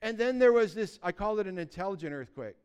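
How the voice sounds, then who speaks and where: Smooth-voiced animated male preacher. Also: sits high, fast talker, dull audio. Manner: animated storytelling, acting out voices, swinging from loud to quiet. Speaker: pastor. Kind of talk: sermon.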